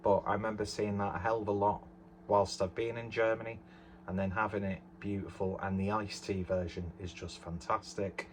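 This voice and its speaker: A man's voice: lowish voice, little pitch movement, normal speed, a little hiss or hum. A man chatting casually through a beer review at home, rambling with lots of fillers and self-deprecating asides. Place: bedroom at home. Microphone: camera on tripod.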